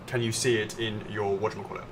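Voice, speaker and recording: A man's voice: fairly low pitch, flat delivery, fast talker, a little hiss or hum. A man co-hosting a live stream, casually chatting and answering viewer comments aloud. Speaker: livestream co-host.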